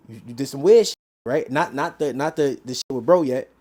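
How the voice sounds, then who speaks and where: A man telling a story in casual street slang, acting out quoted lines as he goes. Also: medium pitch. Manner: animated street slang, quick quoted dialogue. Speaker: interview guest.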